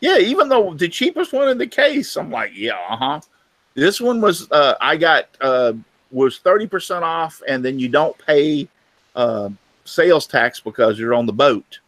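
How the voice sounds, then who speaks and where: A man's voice: on the high side, animated, moderate pace, a bit bright, dry recording. Middle-aged guy hosting a chat, chatty storyteller, dry close sound. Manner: folksy storyteller, acts out voices in anecdotes. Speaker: host. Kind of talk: casual chat.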